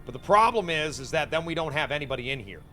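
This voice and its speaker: A male game streamer chatting casually as he plays, reacting and reasoning out loud. His voice sits a little high and sounds bright, with faint game music underneath. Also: expressive, fast. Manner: chatty, reacts and thinks aloud. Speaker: VTuber streamer. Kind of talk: casual gameplay commentary.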